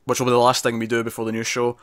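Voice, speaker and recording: A man's voice: medium pitch, completely flat delivery, very fast, dry recording, clean studio sound. A Scottish man co-hosting a TV review show, chatting casually and rambling, laughing often.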